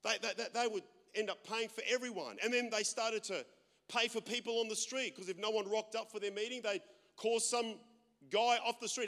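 A man preaching a sermon, loud and animated, telling stories with self-deprecating humor. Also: high-pitched, fairly quick, big-room sound. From Australia. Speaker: pastor. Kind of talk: sermon with storytelling.

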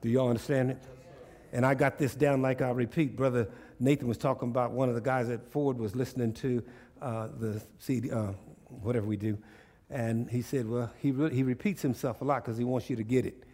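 A male pastor preaching a sermon, animated and repetitive, drawing responses from the congregation. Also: mid-range voice, fairly quick.

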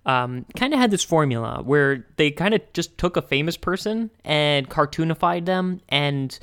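A man's voice: fairly high pitch, animated, normal speed, a bit bright, clean tone. A man hosting a podcast in casual chat, enthusiastic and laughing often, with rambling explanations. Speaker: podcast host.

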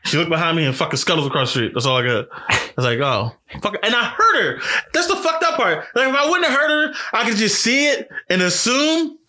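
A man's voice: high voice, fairly quick. A man telling a story in casual chat, angry and profane, his voice jumping up when he acts out what he said. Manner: animated, voice jumps up for quoted outbursts.

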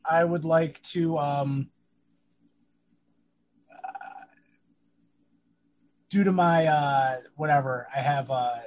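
A man's voice: a little high, poor audio. Player, man, rambling and hesitant, faint hum behind. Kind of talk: casual game chat.

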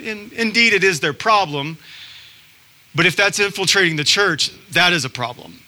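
A man's voice: high-pitched, normal speed, bright, forceful tone. A man preaching a sermon as pastor, telling stories in a conversational, self-deprecating way and acting out quotes.

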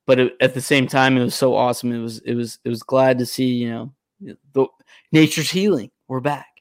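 Young man, sports podcast co-host, swears a lot, animated storyteller, dry close recording. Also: medium pitch, brisk, dry recording. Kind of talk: casual sports chat.

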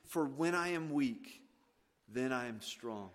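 A man preaching a sermon as pastor, swinging from hushed lines to loud, emphatic ones. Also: mid-range voice, expressive, slow pace. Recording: long reverb of a church hall.

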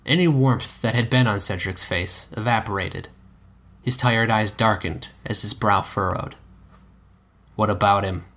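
A man narrating a story in a somewhat low voice, steady and even, now and then stopping to correct a word. It sounds like a hobby reading of fan fiction. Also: unhurried.

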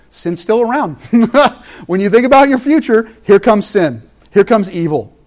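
A man preaching a sermon, animated and conversational, acting out quoted voices and laughing often. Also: high-pitched. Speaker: pastor.

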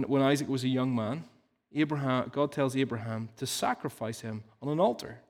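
A man preaching a sermon in an earnest teaching tone, explaining through stories and rhetorical questions. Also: fairly high pitch. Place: church hall. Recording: long reverb of a large hall.

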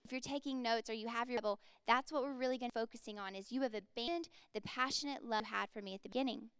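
Woman pastor, thirties, earnest sermon, slightly high voice, casual fillers. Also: fast, a bit bright, smooth, no echo. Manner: earnest, conversational preaching with frequent "like".

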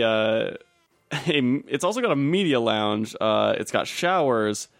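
A man's voice: medium pitch, no room sound. A young man co-hosting a podcast in casual chat, joking loosely and laughing often. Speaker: podcast co-host.

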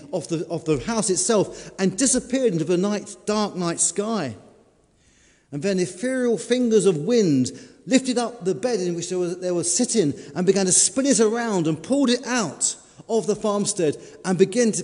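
A man preaches in a storytelling way, leaning hard on his words and then easing off. His voice is mellow and a little higher than usual for a man. It rings out with a long reverb, like in a big hall. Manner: storytelling, dramatic, varied emphasis. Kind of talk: sermon.

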